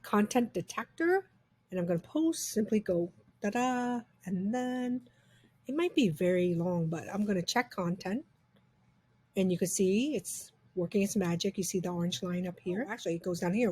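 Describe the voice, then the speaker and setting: Breathy woman reviewer, enthusiastic and casual, mid-pitched tone. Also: darkish tone. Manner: upbeat, chatty, enthusiastic. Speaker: software reviewer. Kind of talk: casual screen-recorded software demo.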